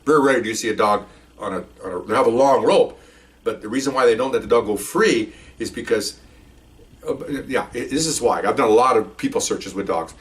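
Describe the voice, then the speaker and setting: Older ex-cop telling stories fast, laughs a lot, mic kinda far. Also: male voice, mid-range voice. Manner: animated, laughs while telling, acts out voices. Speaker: retired police officer. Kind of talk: casual storytelling.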